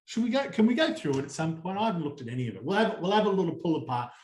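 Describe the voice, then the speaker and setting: Australian man, podcast co-host, casual joking banter, slightly high voice, echoey room. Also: big pitch swings, a little mellow, slight background noise. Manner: joking, chatty, quick to laugh. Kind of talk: casual banter about horse racing. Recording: roomy echo.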